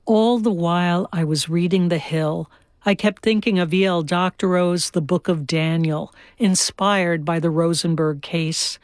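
A woman giving a measured, deliberate radio book review. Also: fairly low pitch, a little mellow, dry recording, studio quality. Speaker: book critic.

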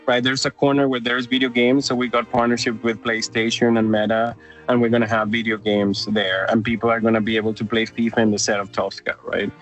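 A man's voice: mid-range voice, brisk, faint music behind. A man from Mexico with a Mexican accent, an opera company director answering interview questions eagerly with many fillers. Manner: enthusiastic, animated, lots of fillers.

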